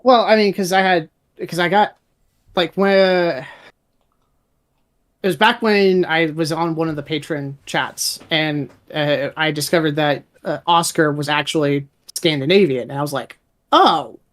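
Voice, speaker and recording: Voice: mid-range voice, fairly even intonation, a little slow. An audio drama creator talking casually about their casting choices, rambling and often restarting sentences. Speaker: audio drama writer and director. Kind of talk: casual chat.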